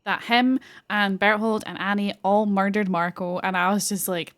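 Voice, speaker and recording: A woman's voice: mid-range voice, steady tone, normal speed, a bit bright. A young woman streamer chatting casually, gushing and rambling with lots of fillers and the odd swear word. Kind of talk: casual chat.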